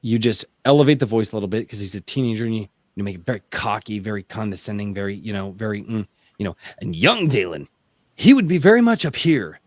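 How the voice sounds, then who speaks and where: Enthusiastic baritone man, rambling. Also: fast, dry recording. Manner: enthusiastic, rambling, many restarts. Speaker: author. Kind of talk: casual round-table chat. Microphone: home mic through a mixer, bass boosted.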